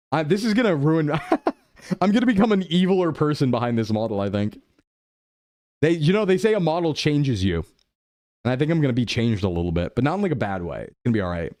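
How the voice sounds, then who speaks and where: A young adult man streaming a game live, chatting playfully with his chat and thinking his guesses out loud. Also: a little high, sing-song, a little fast, no echo, studio quality. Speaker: VTuber streamer. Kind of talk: live-stream gameplay commentary.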